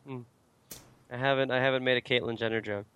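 A man's voice: mid-range voice, steady tone, fast, a crowd in the background. A man co-hosting a casual gaming podcast, joking and cursing with his co-hosts. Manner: joking, profane, puts on mock accents. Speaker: podcast co-host.

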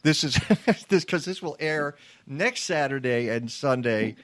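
A man hosting a radio talk show in casual chat, halting, with many fillers and restarts. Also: on the high side, lively intonation, fairly bright tone, no echo.

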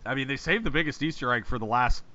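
A man co-hosting a podcast, talking fast and rambling, often swearing and laughing. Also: medium pitch, sharp tone, dull audio. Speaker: podcast co-host. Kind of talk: casual chat.

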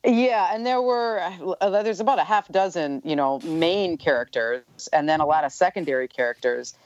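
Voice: medium pitch, moderate pace, no echo. Chatty interview guest, author type, lots of "you know" asides; muffled, dead-dry recording. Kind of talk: casual interview chat.

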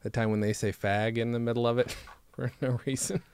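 A man hosting a podcast in casual comedic chat, sarcastic and animated as he tells stories. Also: medium pitch, a little fast, clean tone, no room sound. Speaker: podcast host.

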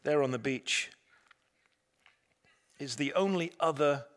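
Slow-preaching man in an echoing hall. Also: a little high. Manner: dramatic storytelling, swings from loud to hushed. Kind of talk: sermon. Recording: long reverb of a large hall.

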